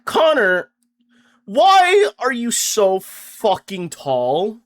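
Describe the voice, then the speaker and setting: Sarcastic high-voiced young man ranting. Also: huge pitch swings, extremely slow. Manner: sarcastic, profane, stammering restarts. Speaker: vlogger. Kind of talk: comedic rant to camera.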